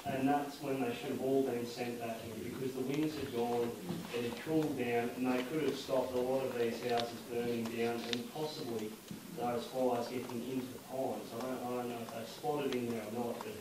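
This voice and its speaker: A man, a local resident, explaining his view earnestly and a little haltingly at a community meeting. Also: mid-range voice, little pitch movement. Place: community hall. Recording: very echoey hall from a distance, clear background noise.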